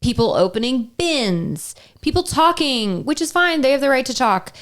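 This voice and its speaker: A woman's voice: sits high, sing-song, normal speed. A woman co-hosting a casual podcast, talking animatedly, going into mock-indignant rants and laughing often. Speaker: podcast co-host. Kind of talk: casual chat.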